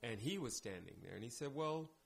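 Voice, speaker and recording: A man's voice: lowish voice, very animated, quick pace, creaky. A man, a theater director guest on a podcast, telling anecdotes in casual chat and acting out the lines he quotes.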